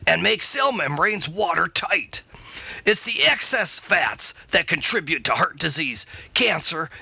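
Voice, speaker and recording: A man's voice: sits high, gravelly, sharp tone, husky, no echo, heavily acted. A man voicing a goofy, laid-back surfer-dude boy scout who keeps calling listeners dude. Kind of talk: comedy segment.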